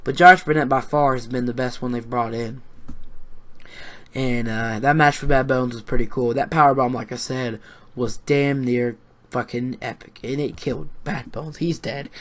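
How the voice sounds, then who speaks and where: Rambling, excitable man recapping wrestling. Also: mid-range voice, moderate pace. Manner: rambling, excitable, swears freely, frequent fillers. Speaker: wrestling show reviewer. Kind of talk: casual recap commentary.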